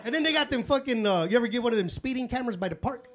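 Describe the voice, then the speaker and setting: A man doing live stand-up comedy in a club, telling stories in a profane, excitable way. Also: extremely high pitch, rapid-fire. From Chicago. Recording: live club with audience laughter. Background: crowd laughter and room noise.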